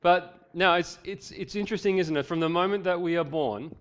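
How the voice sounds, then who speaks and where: Aussie pastor guy preaching, acts out the quotes, cracks jokes, kinda muffled low-fi recording. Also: a little fast, smooth. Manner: animated reading with voiced quotes, joking asides. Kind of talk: sermon.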